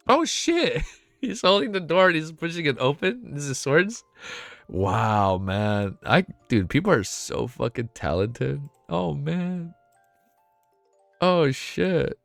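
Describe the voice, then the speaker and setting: A man reacting live on stream, excitable and emotional, cursing often as he talks to chat. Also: medium pitch, measured pace, vocal fry, dry recording, soft background music. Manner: excitable, swears a lot, emotional. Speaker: streamer reacting to web novel fan art.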